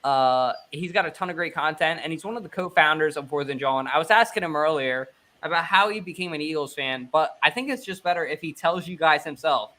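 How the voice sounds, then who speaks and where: A man's voice: on the high side, fairly quick, sharp tone. A man hosting a casual podcast, introducing his guest in an upbeat, hyped way. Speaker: podcast host.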